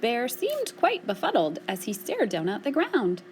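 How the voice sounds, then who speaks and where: A woman children's librarian reads a rhyming picture book aloud at a slow, unhurried pace. Her voice rises and falls with lively, sing-song expression. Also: a little high, a little hiss or hum. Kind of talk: storytime read-aloud.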